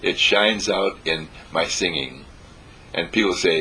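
A man's voice: deep voice, measured pace, sharp tone, breathy edge, poor audio. A man giving an inspirational lecture, exuberant and laughing often, building his points through repeated affirmations. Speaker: motivational speaker.

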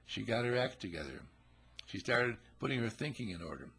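A man with a gravelly, husky voice telling a folksy, chatty parable to listeners. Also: lowish voice, animated, brisk, a bit bright. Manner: folksy, chatty, acts out characters. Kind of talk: conversational storytelling talk.

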